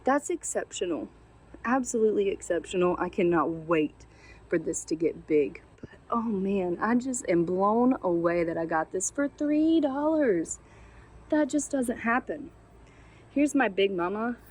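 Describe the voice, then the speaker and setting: A woman at an ordinary middle pitch chats her way through a casual houseplant tour outside on a sunny day. She gushes over each plant and pokes fun at her own mistakes, with easy fillers along the way. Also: animated, a little slow, darkish tone, breathy edge. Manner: chatty, gushing and self-deprecating. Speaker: plant channel host.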